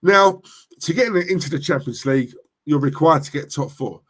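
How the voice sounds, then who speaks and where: A man who hosts a football fan channel, ranting on a livestream and reading chat comments, forceful and impassioned, often checking in with "right?". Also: fairly high pitch, moderate pace. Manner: impassioned, repeats "right?" to the audience.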